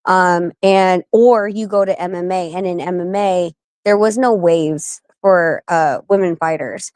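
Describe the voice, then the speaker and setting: A woman in her forties, a guest on an interview show, telling animated stories and acting out the people she quotes. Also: lowish voice, a little slow, clean tone, dry recording. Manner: animated, acts out quoted voices. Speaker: guest, wife and manager of a boxer. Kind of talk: casual interview storytelling.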